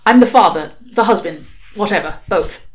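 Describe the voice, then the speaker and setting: A woman's voice: medium pitch, lively intonation, moderate pace, natural voice. A woman reading aloud and voicing a mild, tired, bewildered middle-aged man, hesitant in speech.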